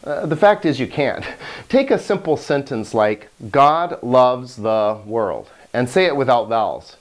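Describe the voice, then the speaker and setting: A man's voice: medium pitch, sing-song, normal speed. A middle-aged man teaching a video lesson on Greek, enthusiastic and often chuckling as he explains.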